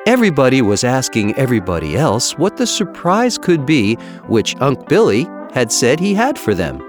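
A man reading a children's animal story aloud with an expressive, measured storytelling manner. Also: mid-range voice, over music. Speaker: narrator. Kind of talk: storybook narration.

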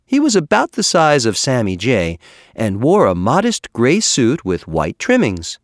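A man reading a children's animal story aloud with an expressive, measured storytelling manner. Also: medium pitch, dry recording, studio quality. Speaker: narrator. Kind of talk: storybook narration.

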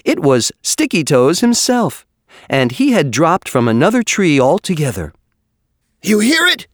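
A man reading a children's animal story aloud with an expressive, measured storytelling manner. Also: a little high, no echo, studio quality. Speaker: narrator. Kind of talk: storybook narration.

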